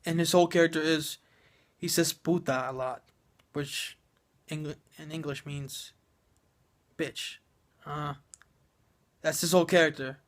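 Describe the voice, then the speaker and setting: A man's voice: fairly high pitch, steady tone, a little slow, long pauses, fairly bright tone. Sarcastic, swearing man ranting. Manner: profane, sarcastic, rambling with many fillers. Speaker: movie reviewer. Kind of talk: ranting movie review.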